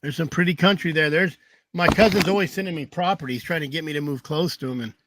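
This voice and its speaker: A man's voice: fairly high pitch, fast talker, noisy background. A man telling rambling hunting stories in a casual chat, laughing through his anecdotes over a video call. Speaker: hound hunter telling stories.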